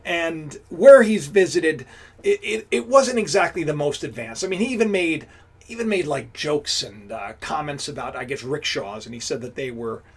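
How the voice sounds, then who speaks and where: A man's voice: a little high, lively intonation, normal speed, breathy edge. A man hosting a casual live stream, talking straight to his viewers, greeting them and rambling with frequent restarts. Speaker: livestream host.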